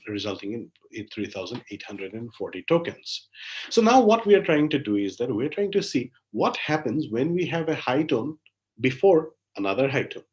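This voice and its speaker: A man presents research in an academic lecture, heard over a video call. His voice sits at a middle pitch and climbs sharply whenever he opens a new point. He often stops for "like, you know" and repeated "uh, uh" while thinking. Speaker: linguistics lecturer.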